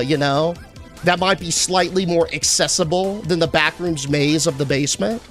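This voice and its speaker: A young man streaming a game live, chatting casually and answering his chat with shout-outs. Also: a little high.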